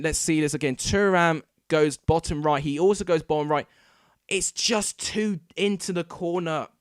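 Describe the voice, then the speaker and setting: Excitable male watchalong host, slightly high, smooth voice, dry close mic, live play-by-play. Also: no echo. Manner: excitable, erupting into shouts at goals. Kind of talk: live match commentary. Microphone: desk microphone.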